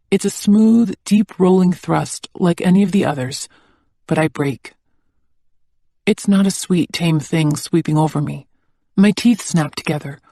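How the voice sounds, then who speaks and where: A woman's voice: deep voice, dark tone, no echo. Woman narrating intimately in a dry booth. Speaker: audiobook narrator. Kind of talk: first-person scripted narration.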